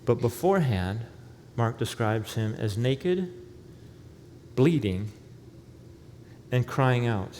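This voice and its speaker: A man preaches in a church sanctuary, his mid-pitched voice ringing through a long hall reverb with a faint hum of room noise behind him. He tells the story with animation, slipping into the voices of the people he quotes. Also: expressive, slow, pauses often, a little mellow. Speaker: pastor. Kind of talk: sermon.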